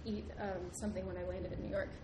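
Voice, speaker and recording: A young woman tells a story in a lively, chatty voice. Her pitch sits in the middle range, and she laughs easily. The recording is roomy, with noise behind her. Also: fast talker. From United States. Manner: animated, laughs often, acts out the people in her story. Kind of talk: casual storytelling.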